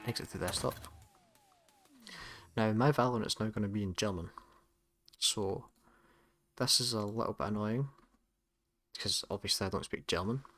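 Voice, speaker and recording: Chatty Scottish man. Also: lowish voice. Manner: relaxed, chatty, with fillers and self-corrections. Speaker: tutorial host. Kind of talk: casual screen-recorded tutorial.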